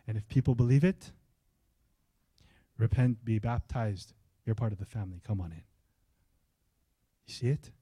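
A man preaching a sermon as pastor, in a conversational style that swings between hushed and excited. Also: on the low side, normal speed, long pauses, husky, no echo. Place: church.

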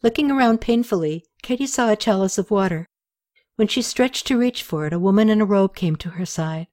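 A woman with a mid-range voice narrates an audiobook from a script, keeping a steady, measured storytelling voice.

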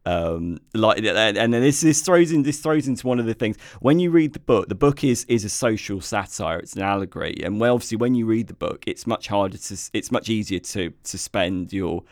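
A man's voice: fairly low pitch, lively intonation, a little fast, few pauses, no room sound, studio quality. A British man co-hosting a casual film podcast, talking in a hesitant way with many fillers and restarts, livelier when enthused. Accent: British English. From Britain. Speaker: podcast co-host, film reviewer.

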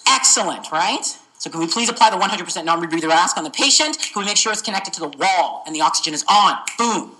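An energetic woman tutoring for a medical exam, keeps asking the class whether they follow. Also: on the low side, fast, hardly any pauses, low-quality recording. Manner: energetic, keeps checking understanding. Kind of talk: interactive teaching session.

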